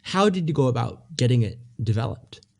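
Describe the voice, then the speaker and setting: A young man hosts an interview podcast in a relaxed way. He asks curious follow-ups and reacts to his guest's answers. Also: medium pitch, fairly quick, vocal fry. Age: young adult. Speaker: podcast host. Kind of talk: interview questions.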